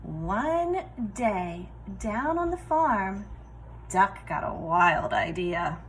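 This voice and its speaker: A woman reading a picture book aloud to children, expressive and talking to them directly. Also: mid-range voice, very slow, a little hiss or hum, low-quality recording. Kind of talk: children's story read-aloud.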